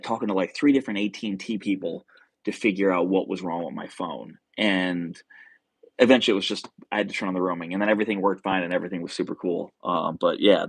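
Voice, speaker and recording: Low, gravelly man rambling through a story. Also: dry recording. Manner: rambling, filler-heavy storytelling with many restarts; reads viewer comments aloud. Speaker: livestream host. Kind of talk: casual livestream storytelling.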